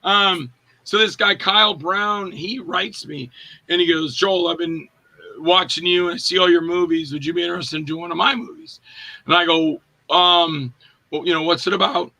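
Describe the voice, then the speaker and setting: Animated, bright-voiced male actor. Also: sits high, moderate pace, lo-fi sound. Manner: animated, acts out quotes in voices. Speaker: actor, interview guest. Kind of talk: casual storytelling interview.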